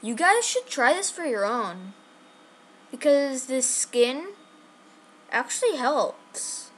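A woman giving chatty, excitable live commentary on her own game, talking straight to her viewers. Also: sits high, slow pace, slight background noise. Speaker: gaming channel host.

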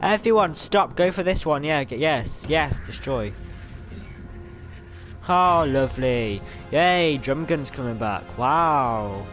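A young man giving excitable live commentary over his gameplay, yelling at other players and grumbling when things go wrong. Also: a little high, slow, faint music behind. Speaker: gamer. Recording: game sounds loud behind voice.

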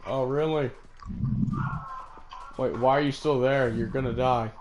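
A man's voice: medium pitch, fairly even intonation, unhurried. A man streaming an online shooter match, chatting casually with a friend, boastful and full of joking trash talk. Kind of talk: casual gameplay chat. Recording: clear background noise.

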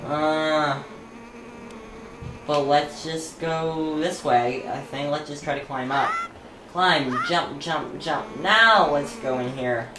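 Woman, let's play commentary, chatty, low unhurried voice, echoey room, game music behind. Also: background noise. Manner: chatty, talks to herself, bursts into excited yelps. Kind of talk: casual gameplay commentary.

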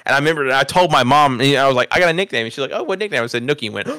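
A man's voice: mid-range voice, very fast, bright, forceful tone, no echo, clean studio sound. A young man telling a rambling, profane story to friends on a podcast, laughing at himself. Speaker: podcast host. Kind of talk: casual storytelling chat.

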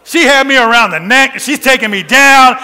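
A man preaching a sermon, telling a personal story with laughs and sudden shouts. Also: very high voice, brisk, clear, resonant tone, long reverb tail.

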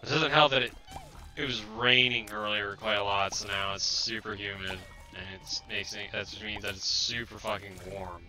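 A man's voice: on the low side, fairly even intonation, moderate pace, pushed and bright, soft background music. A man giving live gameplay commentary, frustrated and swearing at the game, and tired. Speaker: streamer.

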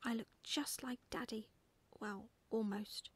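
A woman voicing an excitable young male barn owl in whispered role-play, high and eager. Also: slow pace, husky, no echo. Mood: indignant.

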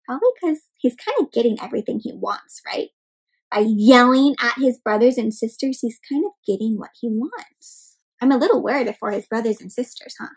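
A woman doing an interactive read-aloud of a picture book for children, expressive, gasping and asking the kids questions. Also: a little high, moderate pace, breathy edge, rough recording. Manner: expressive, often gasps, asks kids questions. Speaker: children's storyteller.

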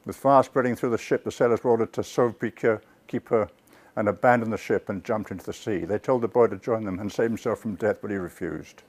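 A man giving a public history lecture to a live audience. He tells the story with lively asides to the listeners and corrects himself mid-word. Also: lowish voice, brisk. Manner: self-corrects and restarts words.

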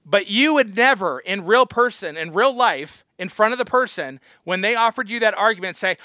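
A man's voice: high voice, animated, normal speed, few pauses, bright, forceful tone, dry recording, studio quality. A man teaching a Bible study as a pastor, blunt and harsh, scolding his listeners. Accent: American.

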